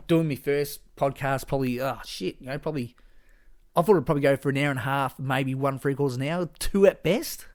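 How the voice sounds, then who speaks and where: Rambling, swearing man hosting a podcast. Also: a little high. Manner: rambling and casual, with frequent swearing and restarts. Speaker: podcast host. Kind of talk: solo podcast monologue.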